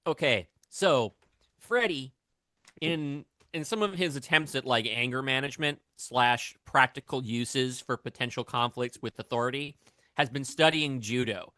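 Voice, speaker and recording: A man's voice: medium pitch, unhurried, sharp tone, no echo, studio quality. A man playing in a tabletop game, rambling and hesitant as he describes his actions. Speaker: player. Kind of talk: casual tabletop play.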